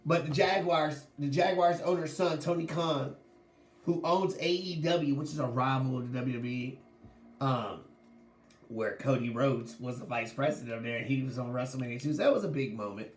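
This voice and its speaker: A man's voice: medium pitch, normal speed, echoey room. A man hosting a sports podcast, talking casually with lots of slang and laughing as he goes. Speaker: podcast host.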